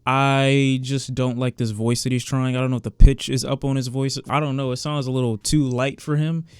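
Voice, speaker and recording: A man's voice: medium pitch, little pitch movement, moderate pace, smooth, dry recording, clean studio sound. A man giving casual reaction commentary as a music reviewer, candid and sometimes sarcastic toward the song.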